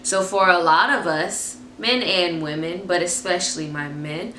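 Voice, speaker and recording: A woman's voice: lowish voice, unhurried, pushed and bright, roomy sound, slight background noise. A woman in her twenties giving a motivational talk to her viewers, emphatic and repeating phrases for effect. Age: 20s. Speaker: faith vlogger.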